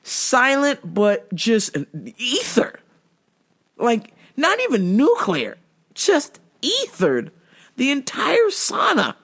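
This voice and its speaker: Lively, profane woman telling a comic story. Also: fairly high pitch, takes it slowly, husky. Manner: profane, animated, laughing often. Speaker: podcast host.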